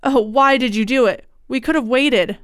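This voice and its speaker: A woman voicing a frightened young gentleman haunted by guilt, in a period ghost story. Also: high voice, normal speed, clear, resonant tone, dry recording, studio quality. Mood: terrified. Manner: anxious, despairing.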